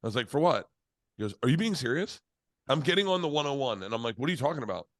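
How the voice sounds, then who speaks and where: A middle-aged man telling stories in a casual interview, animated and profane, acting out the voices of people he quotes. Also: mid-range voice, racing, no echo. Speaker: comedian being interviewed.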